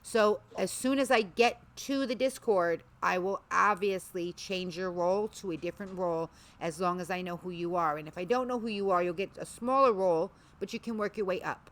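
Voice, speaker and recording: A woman's voice: fairly low pitch, moderate pace, hardly any pauses. Chatty woman hosting a livestream. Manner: chatty, reads viewer comments aloud, breaks off to call her dog. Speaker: livestream host. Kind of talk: casual livestream chat.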